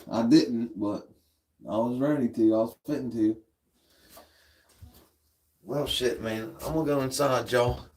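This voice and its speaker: A man's voice: medium pitch, a little mellow, distant mic. A man chatting casually to viewers on a livestream, rambling and swearing freely as he tells stories. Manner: laid-back rambling storyteller, swears freely. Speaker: livestream host.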